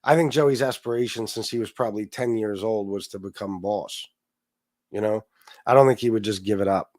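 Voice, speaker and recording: A man's voice: on the low side, fairly even intonation, fairly quick, a little mellow, no echo, studio quality. Stuffed-up man rambling on a livestream. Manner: rambling, reads chat comments aloud, swears. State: stuffed-up nose. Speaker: livestream host. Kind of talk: casual livestream commentary.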